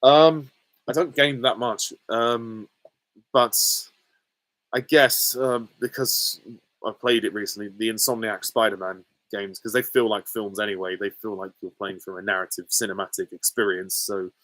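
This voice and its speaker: Male host from England, casual Q and A, low voice, dry close sound, hesitant and rambling. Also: steady tone, moderate pace, fairly bright tone, no room sound, rough recording. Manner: rambling, hesitant, many ums and chuckles. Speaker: channel host answering viewer questions. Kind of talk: casual Q and A chat.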